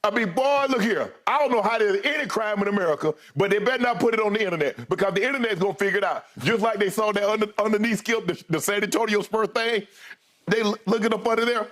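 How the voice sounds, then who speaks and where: A man's voice: high-pitched, fast talker, a bit bright. A man co-hosting a sports debate show, talking animatedly and addressing his co-host again and again.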